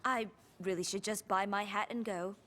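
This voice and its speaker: A woman's voice: mid-range voice, fairly even intonation, moderate pace, pushed and bright, natural voice. A woman voicing a cautious young female agent in a cartoon, talking hesitantly.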